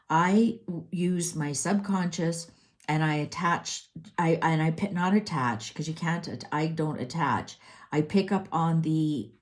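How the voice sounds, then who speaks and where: Middle-aged lady reading tarot, low mellow voice, fired up and ranting. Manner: heated, exasperated, with frequent restarts. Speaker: tarot reader.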